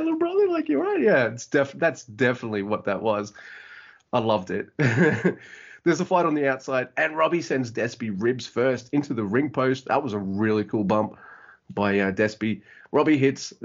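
A man co-hosting a casual wrestling podcast, excitable and sweary, acting out wrestlers' lines as he recaps. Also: mid-range voice. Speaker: podcast co-host. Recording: dull lo-fi audio.

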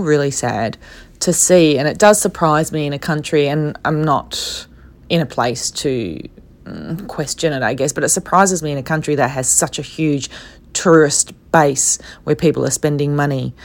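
Chatty Australian woman, low voice. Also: no echo. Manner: chatty, animated when quoting others, soft when serious. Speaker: travel vlogger. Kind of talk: casual storytelling.

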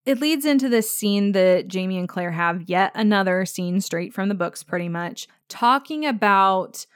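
A woman's voice: mid-range voice, animated, moderate pace, smooth, dry recording, studio quality. A woman hosting a podcast, chatting casually about a TV episode, laughing often and acting out the characters' lines. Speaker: podcast host.

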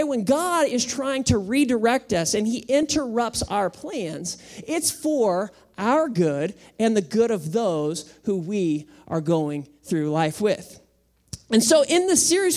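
A man in his thirties preaching a sermon as pastor, in a relaxed, conversational way full of everyday anecdotes. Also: very high voice.

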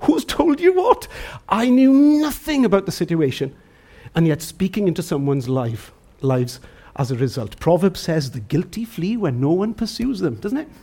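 A man preaching a sermon to his congregation, animated, chatting with them and swinging between shouting and hushed tones. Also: on the high side, moderate pace. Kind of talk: sermon with storytelling. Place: church.

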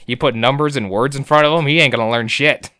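A man's voice: medium pitch, fast talker, pushed and bright, no echo. A man co-hosting a podcast, recapping episodes in a joking, profane, rambling way. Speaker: podcast co-host. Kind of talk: casual recap chat.

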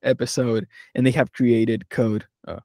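A man's voice: medium pitch, little pitch movement, unhurried, mellow, dry recording, studio quality. A young man from Philadelphia telling a road-trip story in a casual podcast chat, rambling and laughing as he acts out the people he met. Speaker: podcast co-host.

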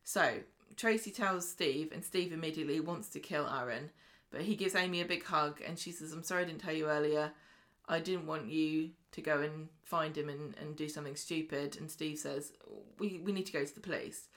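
A British woman co-hosting a podcast, briskly retelling soap episodes and acting out the characters' lines in casual chat. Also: low voice, fairly bright tone. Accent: British English. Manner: brisk storytelling recap, acting out quotes. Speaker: podcast co-host.

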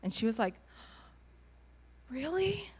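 A woman's voice: medium pitch, normal speed. Young woman, bubbly testimony speaker, laughs a lot; reverberant hall. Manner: bubbly storytelling, laughs often. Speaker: youth ministry leader. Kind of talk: church testimony.

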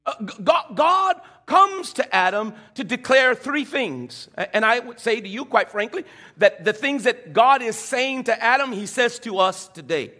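A man's voice: extremely high pitch, expressive, a little slow, pushed and bright. A man preaching a sermon, calling on the congregation to repeat lines and restarting his phrases as he builds a point. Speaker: pastor.

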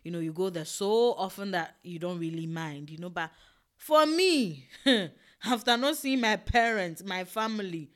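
Expressive young woman with a Ghanaian accent. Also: on the low side, a little slow. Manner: emotional, expressive, swings between hushed and loud. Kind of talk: personal storytelling.

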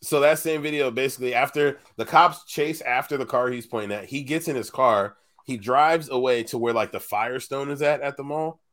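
A man's voice: medium pitch, brisk, few pauses, a bit bright. A man on a casual podcast, telling stories and laughing often. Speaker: podcast co-host. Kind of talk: casual chat.

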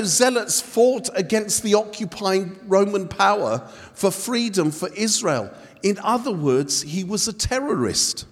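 A man preaching as a guest speaker, spinning jokey stories and teasing the room as he goes. His voice sits high for a man, and a long reverb from the hall hangs behind every line. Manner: jokey storytelling, bantering with the audience. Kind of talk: humorous sermon.

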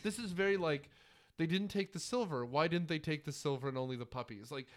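A man's voice: on the high side, brisk. A man co-hosting a casual movie-review podcast, joking and rambling, often laughing. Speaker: podcast co-host.

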